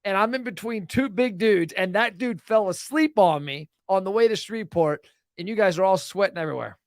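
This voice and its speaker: A young man hosting a casual chat, telling funny travel stories in a joking, animated way. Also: high voice, fairly quick, dry recording, clean studio sound. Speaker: podcast host.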